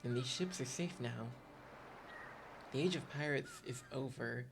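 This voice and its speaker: A man's voice: medium pitch, measured pace, vocal fry, noisy background. A man reading game dialogue aloud, voicing an eager, stubborn young boy adventurer in an earnest, cheeky manner. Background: game music.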